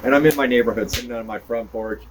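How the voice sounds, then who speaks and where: Sitting by a fire outdoors on his front porch, an older podcast host rambles to the camera in a relaxed, folksy, self-mocking manner. He speaks quickly at a medium pitch, keeping his tone steady. Crackling flames and passing cars fill the background.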